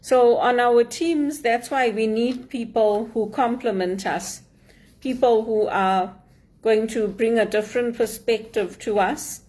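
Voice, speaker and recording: A woman's voice: mid-range voice, darkish tone. Earnest middle-aged Zimbabwean woman. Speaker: motivational speaker and mentor. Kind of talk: motivational talk.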